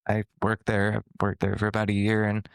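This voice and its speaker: A young man co-hosting a podcast, telling a story in a loose, animated way, swearing and laughing as he goes. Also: on the low side, a little fast, vocal fry, clear, resonant tone, no room sound. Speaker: podcast co-host. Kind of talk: casual storytelling chat.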